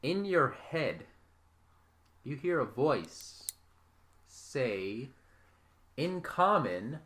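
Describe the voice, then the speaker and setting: A man's voice: medium pitch, very animated, drawn-out words, pauses often, a bit bright. A man acting as game master, narrating a tabletop game in a casual, offhand way.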